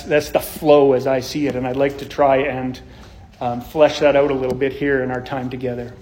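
A man's voice: on the high side, darkish tone, a little hiss or hum. A man preaching an expository sermon, earnest and explanatory, often restarting his phrases. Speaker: pastor.

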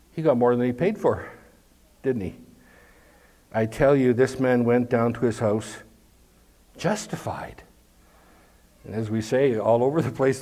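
Slow, earnest male preacher. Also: medium pitch, mellow. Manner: earnest, emphatic preaching with pauses and repetition. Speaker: pastor. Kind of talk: sermon.

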